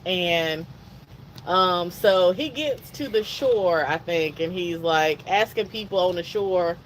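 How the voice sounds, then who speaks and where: A woman co-hosting a podcast, telling a personal story in a casual, animated way and acting out the dialogue. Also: lowish voice, takes it slowly, a little hiss or hum, poor audio. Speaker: podcast co-host.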